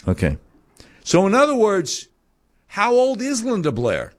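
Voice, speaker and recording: A man's voice: high voice, huge pitch swings, a little slow. A man hosting a talk show, delivering a heated, sarcastic opinion monologue full of mocking rhetorical questions.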